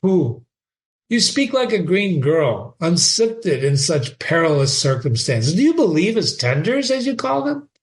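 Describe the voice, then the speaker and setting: A man's voice: fairly high pitch, very animated, a little slow. A man reading the part of a pompous old nobleman who lectures his daughter in a stern, admonishing way. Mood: stern lecturing.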